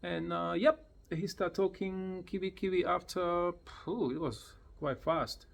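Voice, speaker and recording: Slow-talking man with a gravelly voice. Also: fairly even intonation. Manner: slow, plain explanations with simple non-native grammar; repeats the bird's words in a high, sing-song voice. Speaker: parrot owner teaching his bird to talk. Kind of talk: casual tutorial vlog. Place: at home beside a pet parrot.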